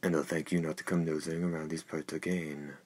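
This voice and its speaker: A man voicing a stern, gruff father who scolds and commands. His tone is very deep and monotone, with a husky texture throughout. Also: a little fast. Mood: scolding.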